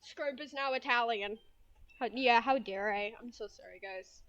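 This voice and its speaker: A woman's voice: a little high, normal speed, fairly bright tone, dull audio. A young woman in her twenties streaming a game, giggly, self-mocking and prone to swearing.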